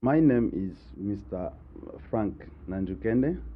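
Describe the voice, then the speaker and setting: A man in his thirties with a Congolese accent, telling his own story slowly and haltingly, with many pauses. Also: fairly low pitch, expressive. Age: 30s. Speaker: interviewee. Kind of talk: personal account. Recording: tinny phone-like line, faint noise.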